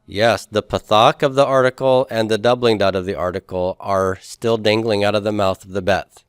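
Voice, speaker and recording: Male instructor, lowish smooth voice, dry close sound, patient classroom explainer. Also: fairly even intonation, normal speed, no room sound. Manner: patient, explains step by step, asks the class questions. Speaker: Hebrew instructor. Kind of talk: classroom lecture on grammar.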